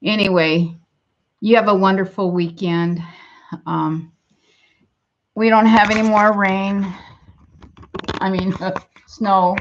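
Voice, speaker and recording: Older woman vlogger, unhurried and gravelly, rambling chat with easy laughs, dull lo-fi phone sound. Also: medium pitch, fairly even intonation. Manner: rambling, laughs easily, slow and chatty. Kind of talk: casual chat. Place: at home, then out in the yard.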